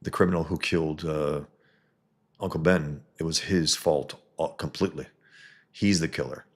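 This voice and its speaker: A man with a very deep, husky voice talks through a comic on his live stream. He rambles and digresses, starting sentences over and filling gaps with ums and uhs. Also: steady tone, normal speed. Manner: rambling, digressive, many fillers and restarts. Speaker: comic book reviewer and live stream host. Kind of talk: casual live-stream commentary and comic reading.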